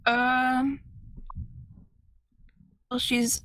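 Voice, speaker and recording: Unhurried woman player, dry sound. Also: sits high, little pitch movement, a bit bright, dry recording. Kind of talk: casual game chat.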